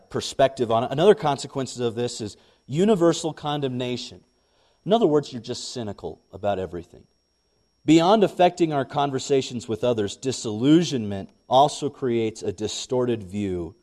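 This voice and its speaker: A young man, a pastor, preaching a sermon and telling a lively personal story. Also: medium pitch. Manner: animated storytelling, rising when excited.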